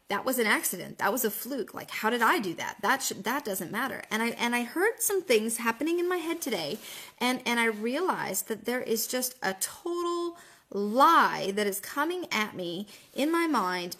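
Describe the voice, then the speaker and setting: Excitable woman, fumbling and restarting. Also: fairly high pitch. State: out in the freezing cold. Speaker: online business mentor. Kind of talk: motivational live video talk.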